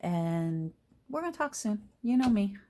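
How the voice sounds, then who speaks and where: A middle-aged woman chatting casually while she crafts at home, rambling along and murmuring soft asides to her materials. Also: medium pitch, very animated, a little slow. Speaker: junk journal crafter and vlogger.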